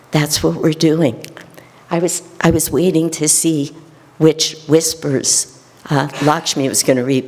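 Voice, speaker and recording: A middle-aged woman minister delivers a sermon at an unhurried pace, her voice low and slightly husky. She tells personal stories and sinks into soft near-whispers to make a point. The temple around her adds a long, lingering reverb. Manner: storytelling, drops to soft near-whispers for emphasis.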